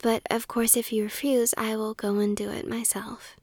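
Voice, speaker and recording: A woman whispering a smug lecturing miller, whispered role-play, gravelly and flat. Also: on the high side, normal speed, dry recording, clean studio sound. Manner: preachy and condescending. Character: smug self-righteous male miller lecturing a friend.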